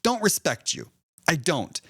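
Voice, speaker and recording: A man hosting a solo sports podcast, ranting in a heated, sarcastic and profane way, now and then mocking rivals in a whiny high voice. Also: big pitch swings, a little slow, fairly bright tone, breathy edge, no echo, studio quality. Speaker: podcast host.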